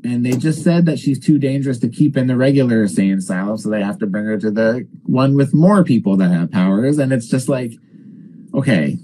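A man's voice: mid-range voice, fairly quick, rough recording. A man co-hosting a podcast, ranting casually about a movie with lots of fillers and swearing. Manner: animated, swearing, frequent filler words. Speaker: podcast co-host. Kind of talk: casual movie review rant.

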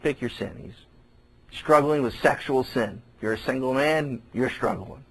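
A pastor preaching a sermon, animated, repeating phrases for emphasis and acting out the people he quotes. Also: mid-range voice, measured pace, breathy edge, rough recording.

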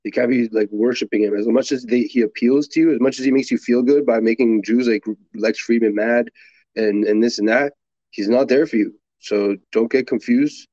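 A man's voice: mid-range voice, steady tone, moderate pace, warm tone, dry recording. A man co-hosting a casual podcast, speaking bluntly and dismissively with frequent swearing. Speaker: podcast co-host. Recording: dull, muffled lo-fi line.

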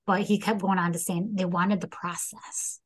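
A woman's voice: fairly low pitch, level tone, normal speed, low-quality recording. A woman hosting a casual chat, retelling a case and acting out the people's lines in put-on voices. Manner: acts out quotes with dramatic voices. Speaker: podcast host retelling a case.

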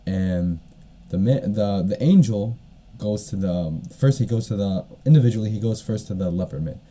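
Podcast guy with a deep mellow voice, rambles, lots of "like" and "you know what i mean". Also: expressive, normal speed. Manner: rambling, heavy fillers, frequent coughs. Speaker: podcast host. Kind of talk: casual storytelling monologue.

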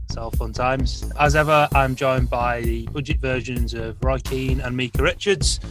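A man's voice: mid-range voice, steady tone, moderate pace, hardly any pauses, music in the background. A man hosting a casual podcast chat, joking and teasing his co-hosts. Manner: jokey, teasing. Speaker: podcast host.

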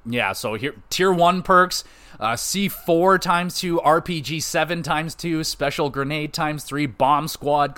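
A man hosting a casual gaming podcast, talking off the cuff at a middle pitch. He curses often and drifts from point to point with plenty of excitement. His delivery is loose, unscripted and eager. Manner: profane, enthusiastic, rambling. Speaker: podcast host.

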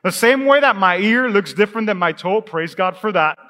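A man preaching a sermon as the pastor, in a lively, conversational way, with asides and questions to his congregation. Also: high voice, moderate pace. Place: church sanctuary. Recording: echoey church hall.

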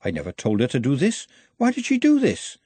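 A man's voice: medium pitch, wildly swooping pitch, brisk, dark tone, slightly rough, no room sound. A man reading aloud, voicing a no-nonsense woman cook who snaps and gives firm motherly advice. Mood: sharp. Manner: snappish, bossy, motherly.

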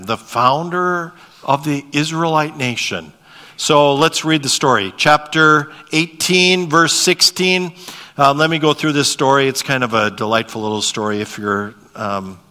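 A man's voice: medium pitch, moderate pace. A man preaching a sermon as pastor, reading scripture and asking the congregation questions in a conversational way. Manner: reads dialogue with lively shifts. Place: church sanctuary. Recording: long hall reverb.

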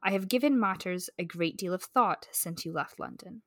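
A woman reading the lines of an earnest, nervous young nobleman in formal, measured phrasing. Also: on the low side, no echo, studio quality, natural voice.

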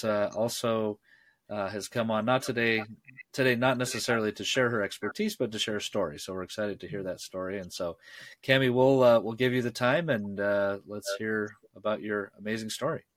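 A man hosting a show, introducing a guest in a halting way with many pauses. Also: lowish voice, no room sound. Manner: halting, with many fillers and restarts. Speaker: host.

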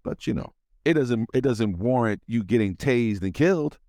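A man hosting a podcast, telling a story in casual, profane, animated chat. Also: medium pitch, moderate pace, dry recording, studio quality. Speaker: podcast host.

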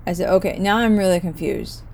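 A woman vlogger telling a comedic story in an exasperated, indignant, animated rant. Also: on the low side, a little fast.

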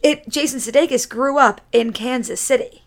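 A woman in her twenties, a guest on a podcast, chatting in an animated way and saying "like" a lot. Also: high-pitched, normal speed. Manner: chatty and animated, fills speech with "like". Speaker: podcast guest, actor and YouTuber. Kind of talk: casual chat.

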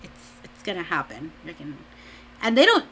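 A young woman vlogger chats casually with a bright, clear voice. She rambles, restarts her sentences and scatters "like" throughout, laughing often as she goes. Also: lowish voice, wildly swooping pitch, moderate pace, slight background noise. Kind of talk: casual chat.

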